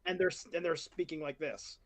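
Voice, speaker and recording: A man's voice: on the high side, fairly even intonation, brisk. A man co-hosting a casual podcast, rambling through stories with frequent restarts. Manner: rambling, restarts often while telling stories. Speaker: co-host.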